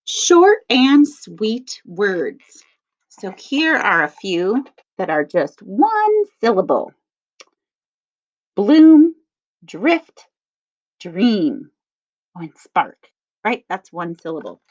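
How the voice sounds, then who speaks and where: A woman teacher reading a picture book aloud to children, stressing each word slowly in a sing-song way. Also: mid-range voice, wildly swooping pitch. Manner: slow, sing-song emphasis on words. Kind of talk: read-aloud lesson for children. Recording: dull lo-fi sound.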